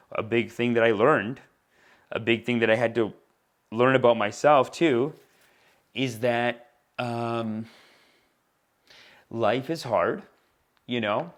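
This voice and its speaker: A man hosting his own podcast as a comedian, rambling in a casual, animated monologue aimed straight at his listeners. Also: mid-range voice.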